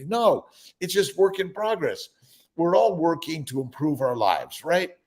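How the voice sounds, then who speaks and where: A man's voice: fairly high pitch, lively intonation, measured pace, darkish tone. A man hosting a casual morning livestream, rambling with many fillers as he greets viewers by name. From United States. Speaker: livestream host.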